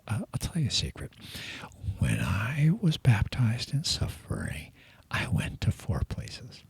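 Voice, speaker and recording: Male preacher, hushed and very raspy, slow and deliberate delivery, earnest sermon. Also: sits low. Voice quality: whispery strained voice. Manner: earnest, emphatic, intimate address to listeners.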